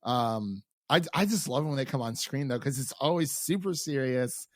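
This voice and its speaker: A man's voice: medium pitch, lively intonation, moderate pace, no echo. A man co-hosting a casual TV recap podcast, enthusiastic, acting out his own reactions as he talks. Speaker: podcast co-host.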